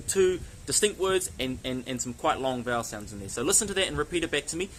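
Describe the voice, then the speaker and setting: A man with a New Zealand accent hosting a casual language lesson, chatty, slowly repeating phrases for learners to copy. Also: mid-range voice, lively intonation, background noise. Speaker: language teacher and host.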